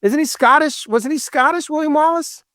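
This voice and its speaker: A man with a Long Island New York accent and a loud, distinctive voice, joking and chatting as a podcast host. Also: very high-pitched, moderate pace, no room sound, clean studio sound. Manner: animated, joking, talkative. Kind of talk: casual podcast chat.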